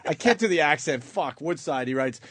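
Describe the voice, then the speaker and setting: A man's voice: fairly high pitch, expressive, a little fast, noisy background. A man hosting a talk radio show, wry and ranting as he steers the segment. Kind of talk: casual talk radio banter.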